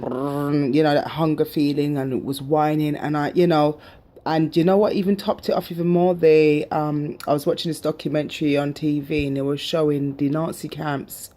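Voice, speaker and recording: A woman's voice: sits low, dark tone. A British woman vlogging and telling a personal story in an emphatic way, repeating phrases for stress.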